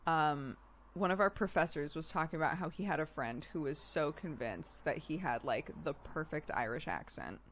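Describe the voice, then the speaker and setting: Woman, stream host, casual chat, giggly, very expressive pitch, lower voice. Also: normal speed, hardly any pauses, slight background noise. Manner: giggly, chatty, laughs often.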